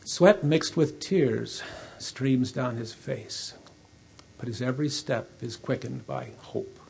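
Brief: male preacher, gravelly and unhurried, telling a sermon story vividly. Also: mid-range voice, darkish tone, a little hiss or hum. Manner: slow, vivid, dramatic retelling.

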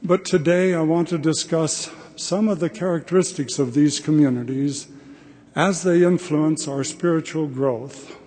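An older man giving a devotional address to an audience in a plain, measured and thoughtful way. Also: fairly high pitch, darkish tone. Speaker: devotional speaker. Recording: long hall reverb.

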